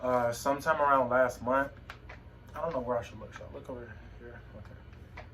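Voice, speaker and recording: A young man talking to a phone camera at home in a personal vlog, emotional and halting, often repeating his words. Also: mid-range voice, fairly bright tone, distant mic, slight background noise, poor audio. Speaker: vlogger. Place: home room.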